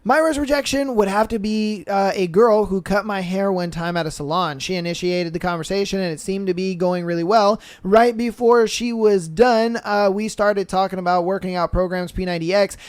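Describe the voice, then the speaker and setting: A man's voice: high voice, normal speed, hardly any pauses, clean tone. A young man hosting a podcast, chatting casually and reading listener stories aloud in a laid-back, slangy way full of fillers. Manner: slangy and laid-back, heavy with fillers like "bro" and "you know". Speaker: podcast host.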